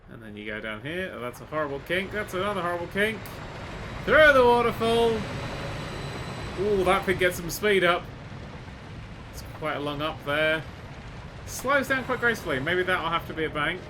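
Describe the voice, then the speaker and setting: A man giving casual let's-play commentary, excitable and sweary, swinging from quiet mutters to loud exclamations. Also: fairly high pitch, brisk, noisy background. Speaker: gaming YouTuber.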